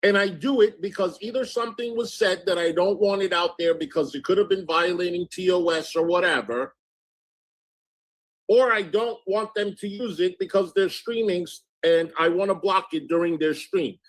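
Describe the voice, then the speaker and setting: A man chatting casually on his livestream while recounting a feud. He reads out old messages line by line, "she goes, I said," and drops into a lower, flatter tone for the quotes. He cleans up his swearing with "effing" and single letters. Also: moderate pace, low-quality recording. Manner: recounts chat messages in back-and-forth "she goes, I said" fashion. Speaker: livestream host.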